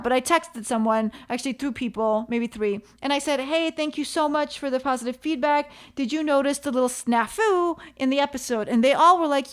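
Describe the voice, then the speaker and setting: A woman hosting her own podcast, telling a personal story in an animated way and repeating phrases for emphasis. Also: high-pitched. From Canada. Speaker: podcast host. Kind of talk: solo podcast monologue.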